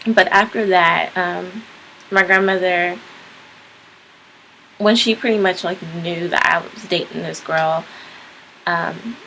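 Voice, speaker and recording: A young woman talks to her camera in a loose, rambling way, full of "like" and "um". Her voice sits on the low side with a gravelly fry at the ends of phrases. A faint hiss runs under the recording. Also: fairly even intonation, slow, pauses often, bright, forceful tone, poor audio. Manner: rambling, frequent "like" and "um" fillers. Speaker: vlogger. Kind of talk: casual personal storytelling.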